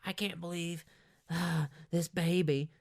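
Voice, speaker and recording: A man putting on the voice of a fussy woman panicking over germs, shrill and hyperventilating. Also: level tone, takes it slowly. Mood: panicked.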